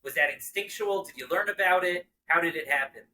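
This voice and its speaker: Bright, curious podcast host. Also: male voice, a little high, brisk, rough recording. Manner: stumbling, curious questioning. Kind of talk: casual interview questions.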